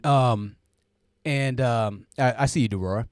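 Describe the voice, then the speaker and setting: A man's voice: mid-range voice, measured pace, dry recording. Male streamer, casual and rambling, mid-range voice, dry home podcast-mic sound. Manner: relaxed, rambling explainer with frequent fillers. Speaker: live stream host. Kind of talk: casual live chat, reading viewer comments. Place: home room with hoodies hung up to absorb sound. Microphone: dynamic podcast mic through a preamp.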